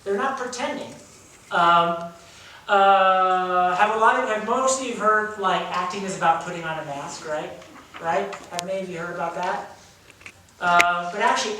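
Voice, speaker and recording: A man teaching a drama class, energetic and demonstrative, acting out feelings as he explains them. He is heard from across a big, very echoey room, picked up by a distant camera mic. A faint hiss sits under his voice. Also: high-pitched. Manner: energetic, acts out emotions as he explains.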